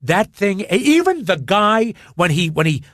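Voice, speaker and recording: A middle-aged man telling stories in a rambling, excitable way as a podcast guest. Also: sits high, unhurried, no echo, clean studio sound. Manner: rambling, excitable, shouts out quoted lines. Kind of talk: casual chat, storytelling.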